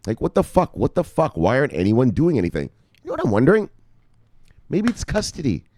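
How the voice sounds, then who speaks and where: A man hosting a casual crypto news live stream, reading out viewer names with loud shout-outs, swearing freely and rambling in a chatty way. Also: medium pitch, dry recording, studio quality. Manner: animated, swears freely, shouts "bang" at each name. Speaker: crypto news show host.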